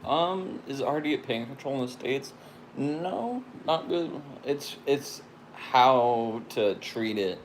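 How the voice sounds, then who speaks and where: Man, mid-pitched, plain matter-of-fact chat. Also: lively intonation, takes it slowly, slight background noise. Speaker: vlogger answering viewer questions. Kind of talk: casual chat.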